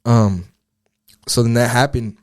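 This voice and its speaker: A man's voice: medium pitch, fairly even intonation, measured pace. A young man, a podcast guest, telling a story in casual, profane, rambling talk full of filler words.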